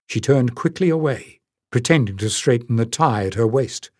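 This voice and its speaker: A man giving a steady scripted reading of a fantasy novel as audiobook narrator. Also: mid-range voice, moderate pace, slightly rough, no echo, clean studio sound.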